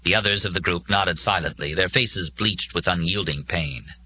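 A man with a very deep voice reads scripted narration for an audiobook, measured and solemn. His tone carries a bright, forceful edge over his low pitch. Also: slight background noise.

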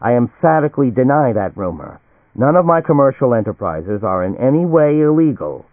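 Man doing a sneering grumpy businessman, a bit higher than his own voice, tinny. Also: sing-song, fairly quick, no echo. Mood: indignant. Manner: scornful and brusque. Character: contemptuous, irritable male businessman. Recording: tinny, phone-like and dry.

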